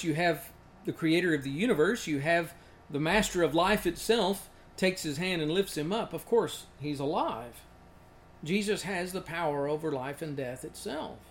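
A man's voice: on the high side, slight background noise. A man giving a reflective, conversational Bible teaching talk with occasional restarts. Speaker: preacher.

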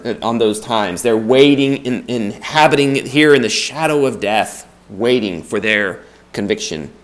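A male preacher delivers a sermon, his voice swinging up and down with animation. The tone is bright and forceful. He stacks repeated phrases to build toward each point and stays chatty between them. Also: mid-range voice. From United States. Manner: lively, rising for emphasis, repeats phrases; conversational with restarts and light laughs.

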